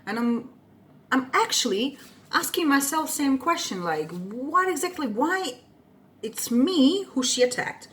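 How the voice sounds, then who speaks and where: A young woman whose first language is Russian rants through a storytime vlog. Her voice sits fairly high and swoops animatedly as she vents, and she swears freely. Her tone stays indignant throughout. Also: big pitch swings, measured pace, fairly bright tone. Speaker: vlogger. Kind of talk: casual storytime rant.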